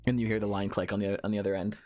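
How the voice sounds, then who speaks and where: A man's voice: on the low side, level tone, very fast, a little mellow, faint music behind. Casual male game master. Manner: casual, self-correcting. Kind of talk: narrating a tabletop horror game.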